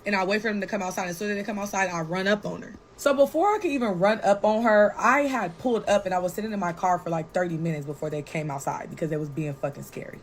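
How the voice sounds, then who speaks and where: Young woman guest, mid-pitched, animated and profane storytelling, blunt with lots of "like", faint background noise. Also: fast talker, few pauses, poor audio. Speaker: podcast guest telling a personal story. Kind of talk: casual storytelling.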